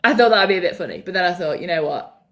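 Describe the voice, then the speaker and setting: A woman co-hosting a football podcast, chatting casually and telling stories in a playful, animated way. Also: lowish voice, racing. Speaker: podcast co-host. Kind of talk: casual chat.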